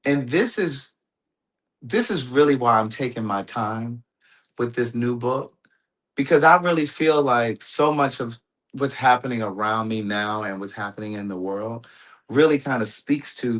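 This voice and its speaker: A man's voice: medium pitch, a bit bright. A man hosting a home livestream, telling a personal story in a rambling way, with restarts and asides to his audience. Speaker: livestream host. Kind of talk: casual storytelling to viewers.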